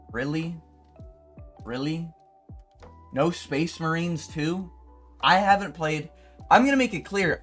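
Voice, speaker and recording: A young man YouTuber ranting in a profane, exasperated way, with sudden loud outbursts. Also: fairly high pitch. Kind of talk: ranting commentary video.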